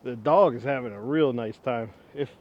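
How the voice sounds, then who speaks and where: This young woodworking vlogger, in his twenties, talks at normal speed as he handles an old axe outside, rambling casually, teasing himself, and chuckling a lot. The audio is dull, and wind rumbles through the background.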